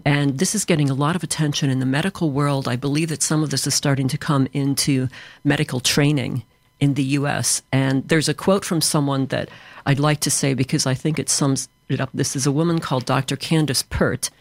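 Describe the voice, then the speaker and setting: A man's voice: mid-range voice, fairly even intonation, fairly quick, no echo. A man from Chicago with an American accent, answering interview questions in a fluent, explanatory way as an author and trainer. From Chicago, USA.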